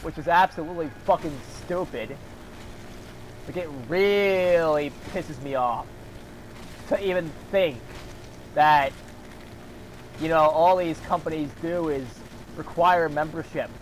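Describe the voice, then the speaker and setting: A man's voice: on the high side, slow, pauses often, a little hiss or hum. A man delivering a heated, profane rant to camera, swearing often and throwing in sarcastic asides. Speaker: vlogger.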